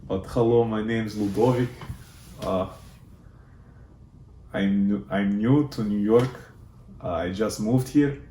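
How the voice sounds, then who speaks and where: A man putting on a Russian accent to play a newly arrived young man who fakes toughness, in a stiff, deliberate delivery. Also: fairly low pitch, warm tone, reverberant, slight background noise, rough recording. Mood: mock-introducing.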